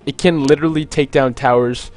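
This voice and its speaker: A man's voice: fairly high pitch, steady tone, fairly quick, a little mellow, soft background music. Rambling young male game caster. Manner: rambling, jokey, lots of "like" fillers. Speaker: esports caster. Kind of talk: solo play-by-play commentary.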